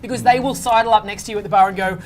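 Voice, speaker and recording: A woman's voice: mid-range voice, fairly even intonation, very fast, slight background noise. A woman co-hosting as a comedian, telling bawdy stories with punchy acted-out quotes. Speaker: co-host and comedian. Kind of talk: casual panel chat.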